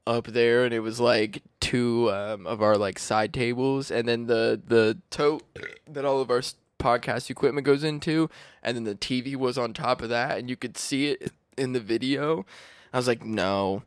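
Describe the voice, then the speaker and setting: A man's voice: mid-range voice, fairly even intonation, normal speed, clean tone, dry recording. A young adult man hosting a casual podcast, swearing freely and laughing often. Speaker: podcast host.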